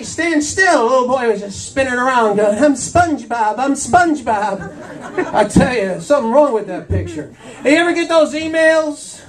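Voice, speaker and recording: A man in his fifties doing a stand-up routine on a small cafe stage, forever saying "I'll tell you" between jokes. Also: very high voice. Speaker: stand-up comedian. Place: small cafe stage before a live audience. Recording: voice from far off in a cafe.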